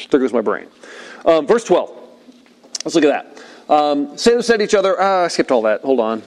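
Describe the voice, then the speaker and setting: A man preaching a sermon with lively, swooping pitch, often acting out little voices and scenes. His fairly high voice carries a long reverb, as if in a large church hall. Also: fairly quick. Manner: animated, acting out voices and asides. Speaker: pastor.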